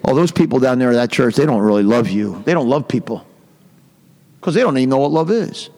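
A man's voice: medium pitch, animated, brisk, a little mellow, big-room sound, voice pushed down, natural voice. A man voicing a smug, pious clergyman who sneers at a rival church, in a mocking tone. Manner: sneering mock-sanctimonious.

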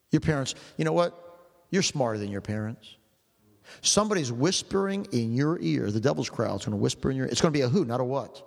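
Preacher guy hammering points in a sermon, mid pitch, long church reverb. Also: gravelly. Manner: emphatic, repetitive preaching cadence.

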